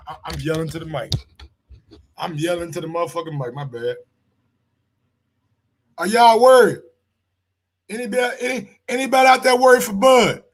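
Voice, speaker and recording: A sports channel host with a fairly high voice for a man runs a sports reaction live stream. Loud and excitable, he swears freely and talks straight to viewers as if they were in the room.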